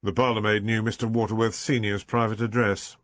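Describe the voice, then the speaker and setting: Man voicing calm formal detective sergeant type, storybook read, dry. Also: lowish voice, fairly quick, no room sound, close to an everyday voice. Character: placid, polite male police inspector.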